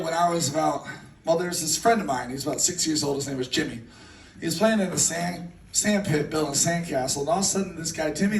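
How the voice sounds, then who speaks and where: A man's voice: on the high side, background noise. A man telling a long comic shaggy-dog story at a bardic gathering, rambling and repeating himself as he laughs through it. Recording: echoey room recorded from far off.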